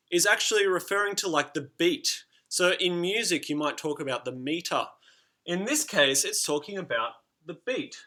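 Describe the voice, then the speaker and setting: A man's voice: on the high side, bright, forceful tone. A young man teaching a class in a chatty, teasing way, tapping out rhythms as he explains. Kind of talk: classroom lesson video.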